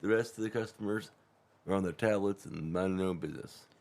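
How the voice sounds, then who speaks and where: A man's voice: low-pitched, fast talker, darkish tone. A man co-hosting a casual talk show, chiming in with short, laid-back agreements. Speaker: podcast co-host. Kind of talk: casual chat.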